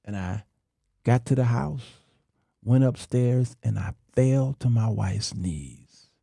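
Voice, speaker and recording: A middle-aged man hosting a talk show, delivering a slow, emphatic monologue to men with long dramatic pauses. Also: medium pitch, creaky, mellow, husky, dry recording, studio quality.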